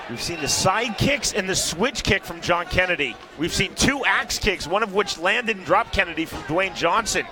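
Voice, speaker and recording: A man calling a fight play by play, firing off quick strike calls and shouting on the big moments. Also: high-pitched, animated, music in the background. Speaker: play-by-play commentator.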